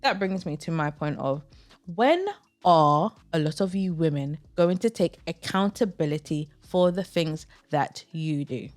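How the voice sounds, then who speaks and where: A woman's voice: low voice, measured pace, a little mellow. A woman co-hosting a casual opinion podcast, speaking bluntly in a lecturing tone. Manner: blunt, lecturing, mocks others in quoted voices. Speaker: podcast co-host.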